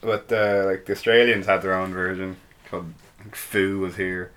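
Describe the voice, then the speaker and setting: A man's voice: sits low, flat delivery, normal speed, a bit bright, a little hiss or hum. A man co-hosting a podcast in loose casual chat, laughing often while telling anecdotes. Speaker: podcast co-host.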